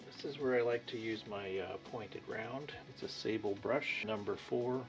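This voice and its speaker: A man giving an unhurried painting lesson, thinking aloud as he works, with pauses. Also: on the low side. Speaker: painting instructor. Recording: music playing behind.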